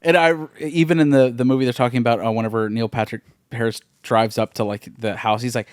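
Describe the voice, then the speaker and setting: A man co-hosting a movie podcast, relaxed as he recounts behind-the-scenes stories and acts out quotes. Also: mid-range voice, fast, no room sound, clean studio sound. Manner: relaxed storytelling, acting out quotes. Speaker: podcast co-host. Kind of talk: casual film chat.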